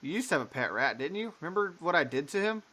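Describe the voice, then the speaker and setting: A cruel young sister with an unhinged, mocking edge, her voice pitched up high and bright, as a man voices her. she taunts in a sing-song game voice. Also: big pitch swings, fast, breathy edge, heavily acted. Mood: taunting.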